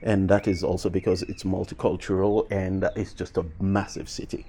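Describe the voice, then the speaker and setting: A man talking through his thoughts in a casual commentary video, pausing often with fillers and restarts. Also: sits low, flat delivery, mellow, a little hiss or hum. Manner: reflective, with frequent fillers and restarts. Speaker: vlogger.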